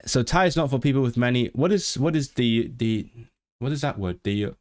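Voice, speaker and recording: A man's voice: mid-range voice, lively intonation, normal speed. A man hosting a casual livestream, reading viewer comments and sounding out foreign words with many restarts and repeated words. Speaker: livestream host.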